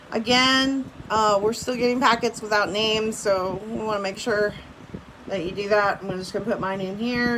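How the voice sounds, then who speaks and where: A woman's voice: a little high, background noise. A young woman teacher reading a story aloud to her class and explaining it casually, with lots of fillers. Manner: casual, filler-heavy explaining with light laughs.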